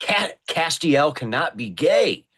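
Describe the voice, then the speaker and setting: A man's voice: on the high side, big pitch swings, takes it slowly, a bit bright, husky. A man appearing as a guest on a livestream, giving blunt and crude opinions in casual chat.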